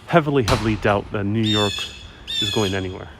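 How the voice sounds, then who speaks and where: A man's voice: lowish voice, brisk. A man hosting a live walking tour outdoors, chatting casually to viewers and reading their comments aloud. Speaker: city walk livestream host. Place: outdoors on city streets. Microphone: wireless mic while walking. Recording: outdoor street noise.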